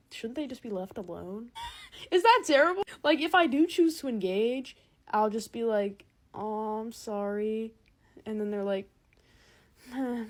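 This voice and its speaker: A young woman doing a sarcastic, exasperated comic monologue to a phone camera, swinging from loud outbursts to mumbled asides. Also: fairly high pitch. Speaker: comedy TikTok creator.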